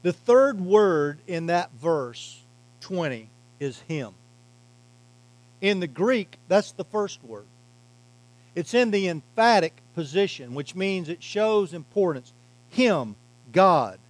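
High-voiced pastor preaching emphatically. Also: male voice, sing-song, takes it slowly, no room sound, low-quality recording. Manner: emphatic preaching, varying loudness and pace. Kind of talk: sermon.

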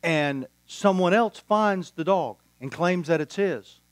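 Male pastor, slow deliberate sermon delivery, slightly high voice, dry close sound. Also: no room sound. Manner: storytelling with quoted dialogue, deliberate pauses.

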